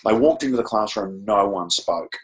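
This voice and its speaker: A man's voice: fairly low pitch, moderate pace, lo-fi sound. A man with an Australian accent presenting a webinar, telling a chatty, self-deprecating classroom story with frequent ums. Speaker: education presenter.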